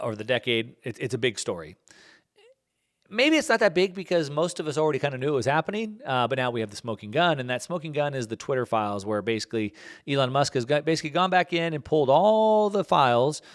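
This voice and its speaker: A man hosting a podcast, talking off the cuff in a rambling way, with many fillers and restarts. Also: mid-range voice. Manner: plugs his own book. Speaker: podcast host. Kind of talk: casual podcast monologue.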